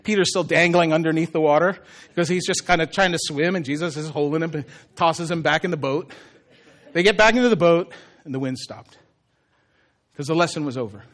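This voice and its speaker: Male pastor, high voice, animated conversational sermon delivery. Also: a little fast. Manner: animated, swings from soft to emphatic. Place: church.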